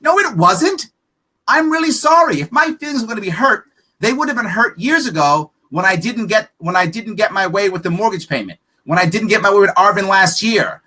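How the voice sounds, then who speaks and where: Blunt guy on a podcast, bright forceful voice, pitch jumping all over, swears a bit. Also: lively intonation. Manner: emphatic and blunt, rapid rhetorical questions; profane, frank. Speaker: political candidate guest. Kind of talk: podcast interview.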